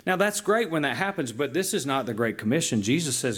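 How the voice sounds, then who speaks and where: A male pastor preaching to his congregation. His voice is a little husky, and he tells stories with lively, emphatic changes in loudness and pace. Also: mid-range voice, brisk, few pauses. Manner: animated storytelling with emphatic dynamic shifts. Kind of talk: sermon.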